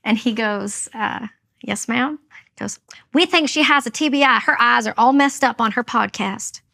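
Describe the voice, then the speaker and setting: A woman's voice: a little high, moderate pace, vocal fry, bright, forceful tone. A woman from Canada, a veteran and podcast guest, telling her story candidly and with emphasis, acting out what others said. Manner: candid, emphatic, acts out quoted speech. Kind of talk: personal storytelling in interview.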